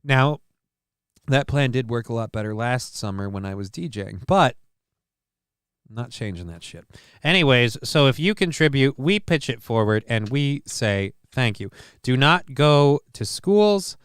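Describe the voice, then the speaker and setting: Guy hosting his stream, cussing and rambling about the news, super crisp clean voice, mid pitch. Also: lively intonation, measured pace, dry recording, clean studio sound. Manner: profane, rambling riffs on news items. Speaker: live-stream show host. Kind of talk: casual live-stream commentary.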